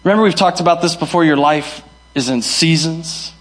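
High-pitched guy preaching a sermon, animated, shouts then drops soft, acts out quotes. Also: fairly quick. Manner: acts out the voices of people he quotes. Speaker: pastor.

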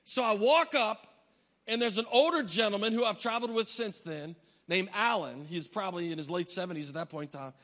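Bright-voiced pastor in a reverberant hall. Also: male voice, high-pitched, fast, hardly any pauses. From United States. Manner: animated, humorous storyteller, acts out his own reactions. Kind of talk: sermon with personal storytelling. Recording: long reverb of a large hall.

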